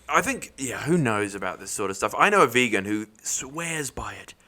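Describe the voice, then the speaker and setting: Lively, bright-voiced man, casual podcast banter. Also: medium pitch, normal speed. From England. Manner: swears a lot, mocking impressions. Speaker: podcast co-host.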